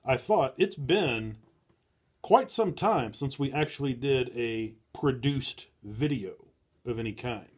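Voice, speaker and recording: A man hosting a casual chat show, speaking in a halting, dry way with frequent restarts. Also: mid-range voice, animated, slightly rough. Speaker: host.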